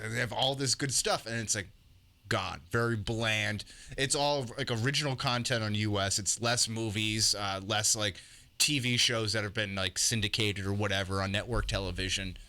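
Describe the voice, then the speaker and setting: A man chatting casually on a radio talk show, easygoing and quick to agree. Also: mid-range voice, sharp tone.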